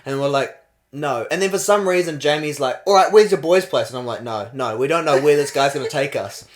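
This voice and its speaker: A young man with a New Zealand accent, from New Zealand, co-hosts a podcast and tells a story at a brisk clip in a medium-pitched voice. The chat is casual, and he gets animated and laughs as it progresses.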